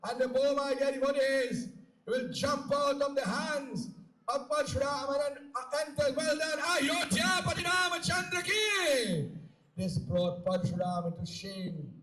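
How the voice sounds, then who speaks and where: A man's voice: very high-pitched, a bit bright. A man narrating a live outdoor folk theatre show in a dramatic way, calling out to the crowd. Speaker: stage narrator. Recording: echoey PA sound from far off.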